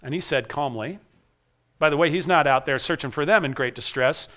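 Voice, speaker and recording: Male pastor preaching, bright forceful tone, slightly raised pitch, emphatic repetition. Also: brisk. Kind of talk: sermon.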